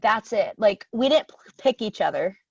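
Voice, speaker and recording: A woman's voice: medium pitch, expressive, normal speed, gravelly, husky, no room sound, dull audio. A young woman co-hosting a podcast, telling stories in casual chat and acting out what people said. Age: young adult. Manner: storytelling, acts out her own quotes. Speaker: podcast co-host.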